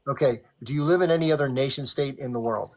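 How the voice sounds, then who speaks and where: Guy hosting a live debate, talks fast, jumps in to keep things calm, firm. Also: medium pitch. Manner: firm, cuts in to keep order. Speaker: live stream host and moderator.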